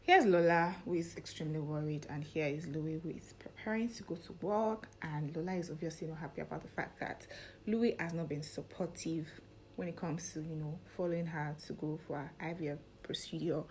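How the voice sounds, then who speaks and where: A woman's voice: low voice, fairly quick, a little hiss or hum. A woman casually recapping a drama episode, chatty and opinionated, often saying "you know". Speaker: series recap vlogger.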